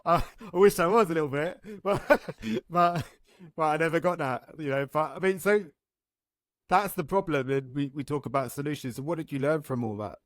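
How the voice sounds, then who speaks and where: A man's voice: on the high side, moderate pace, no echo, clean studio sound. A man hosting a self-development podcast, asking reflective questions and responding with empathy. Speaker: podcast host.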